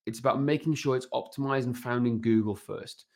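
Guy in his 40s, guest on a podcast, chatty and animated, keeps asking "right?", middle-pitched voice. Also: fairly quick. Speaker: guest, fitness business and website consultant. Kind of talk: casual podcast explanation.

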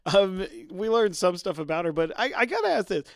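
Man, podcast co-host, slightly high voice, smooth and clear, laughs easily while recapping scenes. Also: sing-song, a little fast, dry recording, clean studio sound. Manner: chuckles often while retelling scenes. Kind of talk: casual chat recapping a TV episode.

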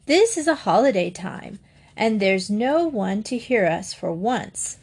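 A woman's voice: medium pitch, sing-song, unhurried, darkish tone, husky, full character voice. A woman reading aloud, voicing a cheeky, teasing young schoolgirl in a storybook.

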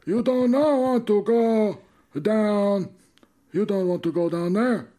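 Brief: man doing a high, loud, hammy comic character who stretches out his words. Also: steady tone, takes it slowly. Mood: hamming it up. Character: comic male character with an exaggerated voice.

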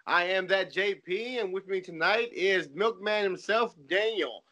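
A man in his forties hosts a podcast, chatting casually and rambling through loose stories. His voice sits high and sounds bright and forceful, though his delivery is unhurried.

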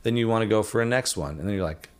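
A man hosting a podcast, chatting casually and rambling, often trailing off softly. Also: lowish voice, rapid-fire, smooth. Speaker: podcast host. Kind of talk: casual chat.

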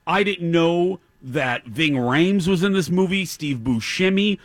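A man hosting a podcast, talking about movies in an animated, exasperated way. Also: fairly high pitch, unhurried, dry recording. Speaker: podcast host. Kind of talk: casual chat about movies.

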